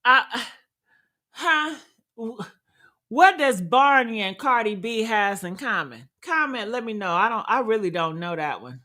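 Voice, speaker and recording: Woman reaction host, high bright voice, blunt and profane, loud emphatic delivery. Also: lively intonation, measured pace. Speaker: commentator reacting to comments. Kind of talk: live reaction commentary.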